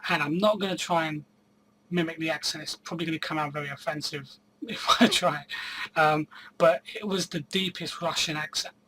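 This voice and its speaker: Guy, bright slightly high voice, casual hesitant vlog delivery. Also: fairly even intonation, a little fast, rough recording. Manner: chatty, hesitant, many ums and restarts. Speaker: reseller vlogger. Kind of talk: casual solo vlog storytelling.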